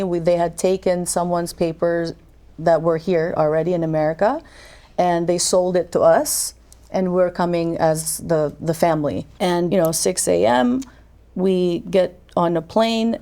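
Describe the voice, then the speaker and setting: A woman's voice: on the low side, mellow. A woman in her forties from Albania, a podcast guest telling a personal story in vivid detail and acting out the voices she quotes.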